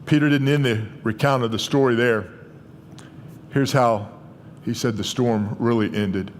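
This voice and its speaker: A man's voice: mid-range voice, fairly even intonation, measured pace, big-room sound, a little hiss or hum. A man preaching a sermon as pastor in a church, reflective and prone to restarts and repeated words.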